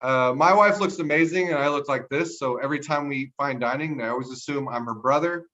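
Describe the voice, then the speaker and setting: Deadpan man doing stand-up. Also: mid-range voice, a little fast, lo-fi sound. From Texas. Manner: deadpan one-liners, chuckles at own jokes. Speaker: stand-up comedian. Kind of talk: stand-up set. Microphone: livestream mic.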